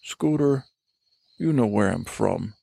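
A man's voice: lowish voice, lively intonation, slow, creaky, warm tone, husky, no echo, heavily acted. A man voicing a meek, clingy male sidekick who talks hesitantly and a bit whiny, raising his voice slightly. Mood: timid.

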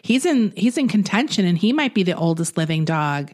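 A woman's voice: lowish voice, sing-song, a little fast, a little mellow. A woman co-hosting a podcast, chatting casually and reading news stories aloud with running jokes and frequent giggles. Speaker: podcast co-host. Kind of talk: casual chat.

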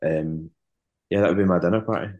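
A man, a band musician, chatting as an interview guest, halting and repeating words with many fillers. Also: low voice, a little mellow, lo-fi sound. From West African heritage. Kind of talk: casual interview chat.

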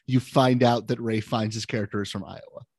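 A man's voice: lowish voice, fairly even intonation, normal speed, a little mellow, dry recording. A man co-hosting a casual film podcast, wry and opinionated, giving blunt takes. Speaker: podcast co-host.

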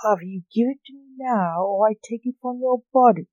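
A woman voicing a feared male highwayman in a storybook reading, demanding and threatening. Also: a little fast, a little mellow, no echo, lo-fi sound, natural voice. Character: male highwayman killer, menacing.

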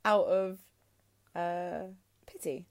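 A woman's voice: on the low side, fairly even intonation, very slow. A woman, co-hosting a podcast and telling frank stories with lots of laughter. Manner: frank, giggly storytelling. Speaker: podcast co-host. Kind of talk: casual chat.

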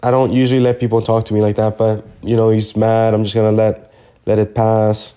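A man's voice: on the low side, monotone, brisk, mellow, clean tone, highs cut off. A young man hosting a podcast alone, telling a story in a rambling, casual way and swearing freely. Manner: rambling, swears freely, loose slangy talk. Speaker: podcast host.

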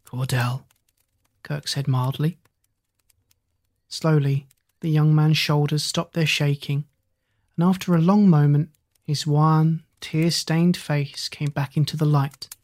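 A man reading a hard-boiled crime story aloud in a measured storytelling voice. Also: fairly high pitch, flat delivery, a little mellow. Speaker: narrator. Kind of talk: audiobook narration.

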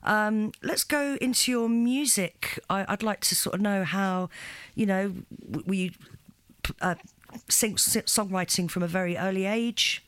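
A woman's voice: medium pitch, unhurried, fairly bright tone. Chatty woman radio host. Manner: chatty, giggly, filler-heavy. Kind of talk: casual chat interview. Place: London radio studio.

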